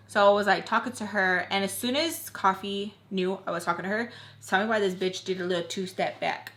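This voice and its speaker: A young woman telling a storytime on her own channel while doing her makeup, rambling with lots of fillers and animated quoted bursts. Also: medium pitch. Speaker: storytime vlogger. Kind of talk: casual storytime chat. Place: at home, doing makeup on camera.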